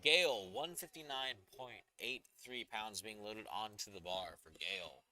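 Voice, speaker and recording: A man's voice: fairly low pitch, normal speed, pushed and bright. A man announcing a powerlifting meet live, calling lifts and judges' decisions with upbeat, joking asides.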